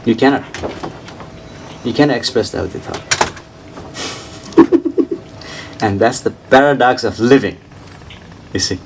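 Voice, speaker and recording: A man giving an informal spiritual talk and answering questions, repeating his points insistently in slightly broken English and laughing softly. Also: medium pitch, normal speed, creaky, long pauses, recorded from a distance, background noise. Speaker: spiritual teacher.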